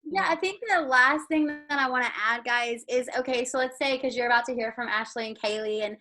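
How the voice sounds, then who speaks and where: Bright-voiced chatty woman. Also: fairly high pitch, brisk, low-quality recording. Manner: chatty, lots of "like" and "guys". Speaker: team leader giving sales tips. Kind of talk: casual motivational pep talk on a video call. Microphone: video call.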